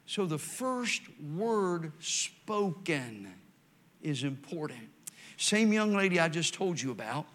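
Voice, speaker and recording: An older man delivers a folksy sermon full of stories. His voice is bright and slightly high, and he moves between loud emphatic declarations and quiet, slow passages. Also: big pitch swings. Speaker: preacher.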